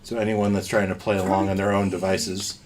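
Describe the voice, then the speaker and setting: A man's voice: sits low, level tone, brisk, slight background noise. A man running a tabletop fantasy game as game master, describing scenes to his players.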